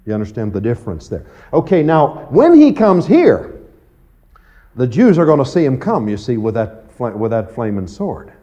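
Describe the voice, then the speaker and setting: A man preaching an evening Bible teaching in a folksy, conversational way, often saying "you see" and "okay.". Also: moderate pace. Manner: animated, acts out quoted voices with big pitch jumps. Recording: muffled lo-fi recording.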